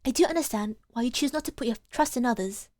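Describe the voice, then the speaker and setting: A woman voicing an earnest young male law student who speaks gently and sincerely. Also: a little high, fast talker, dry recording, studio quality, natural voice. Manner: earnest, gentle, softly spoken.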